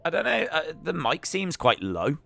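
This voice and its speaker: A man's voice: a little high, wildly swooping pitch, moderate pace, gravelly, bright, forceful tone. A man hosting a live wrestling watch-along, reacting and joking as he watches, teasing and chanting taunts at the screen.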